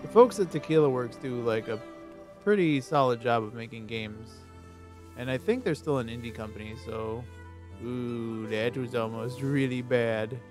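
A man's voice: mid-range voice, normal speed, soft background music. Chatty, joking male streamer. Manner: chatty and joking, often laughing. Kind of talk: casual gameplay commentary. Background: faint game soundtrack.

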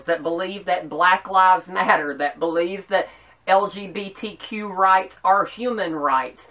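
A woman's voice: medium pitch, fairly bright tone, far from the mic. Emphatic Southern woman host. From American South. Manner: earnest, emphatic, with measured pauses. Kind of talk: opinion commentary.

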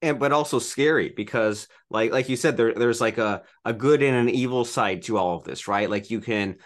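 A man's voice: medium pitch, moderate pace. A man hosting a podcast, chatting casually and peppering his speech with "like" and restarts. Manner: filler-heavy, says "like" constantly. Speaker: podcast host. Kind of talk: casual interview chat.

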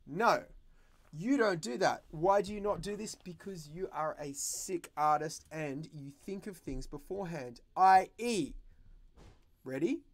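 A man hosting a drawing livestream for kids, talking in a playful, animated and jokey way as he teaches. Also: fairly high pitch, a little slow.

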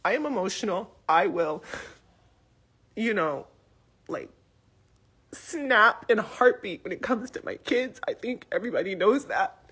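A woman in her forties talks from her living room in an unscripted live video. Her voice is bright and a little husky, and her speech is emotional and rambling, full of fillers and restarts. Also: medium pitch, lively intonation, a little slow, long pauses. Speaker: mother addressing the public. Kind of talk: casual live video statement.

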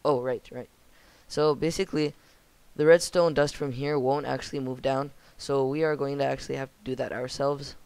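Flat-voiced young man, gravelly and dry. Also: medium pitch, moderate pace, no room sound. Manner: monotone voice. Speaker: channel host. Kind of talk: game build tutorial.

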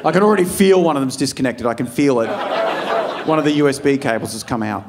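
An Australian man doing a stand-up set, telling stories in a loose, profane, animated way and acting out what people said. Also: medium pitch, quick pace, noisy background. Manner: profane, animated storytelling with acted-out quotes. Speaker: stand-up comedian. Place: comedy club stage before a live audience. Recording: live club crowd audible. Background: audience laughter.

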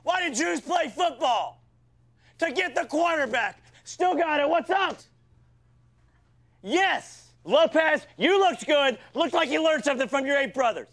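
A man playing a foul-mouthed, hot-tempered football coach in a comedy sketch, yelling insults at his players. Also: extremely high pitch, animated, measured pace, heavily acted. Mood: ranting.

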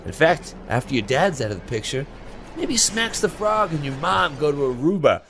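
A man's voice: fairly high pitch, big pitch swings, normal speed, fairly bright tone, a little hiss or hum. A man doing a menacing crude frog mascot. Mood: sleazy. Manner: sing-song jingle, then threatening and crude. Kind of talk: improvised comedy scene.

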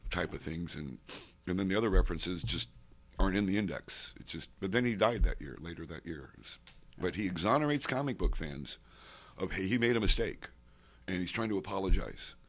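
A man's voice: sits low, lively intonation, a little fast. A man in his sixties, being interviewed, telling rambling oral-history stories full of digressions and asides. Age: 60s. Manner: digressive, with many asides and restarts. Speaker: interviewee, comics fan and collector. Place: convention center interview room.

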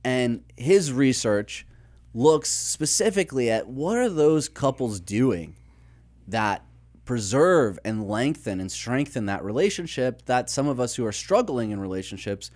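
A man's voice: lowish voice, darkish tone. A man co-hosting a podcast, explaining research in an explanatory manner, listing ideas and telling illustrative stories. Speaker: podcast co-host.

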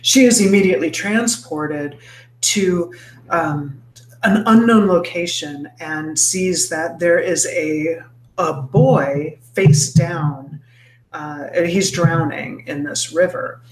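A woman's voice: sits low, slow. A woman co-hosting a casual podcast, retelling a book's plot with lots of fillers and restarts. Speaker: podcast co-host. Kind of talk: casual book-club chat. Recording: roomy echo, faint background noise.

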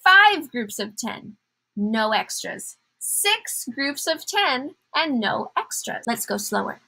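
A woman's voice: on the high side, sing-song, slow, vocal fry, sharp tone, husky, rough recording. A woman teacher giving a patient math lesson to young children, counting aloud in a sing-song way.

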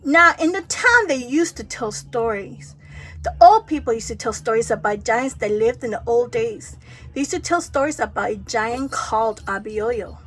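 Woman storyteller, children's tale, high voice, lively swoops, sound effects. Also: normal speed. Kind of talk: children's story read-aloud.

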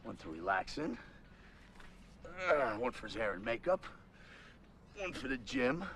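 A man's voice: mid-range voice, sing-song, measured pace, a bit bright. An actor playing a vain male movie star who complains about his lot. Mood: grumbling. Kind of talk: film acting.

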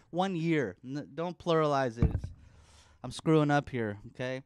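This podcast host, a Bay Area, California man in his thirties, runs a casual chat show full of rambling, profane jokes and baby talk directed at his son. His voice runs on the high side, expressive and smooth, at a slow pace, captured with a studio microphone.

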